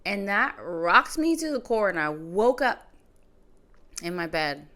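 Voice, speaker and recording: A woman hosting a podcast, reflectively retelling a personal story in a conversational way, her phrases often trailing off softly. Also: medium pitch, sing-song, takes it slowly. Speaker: podcast host.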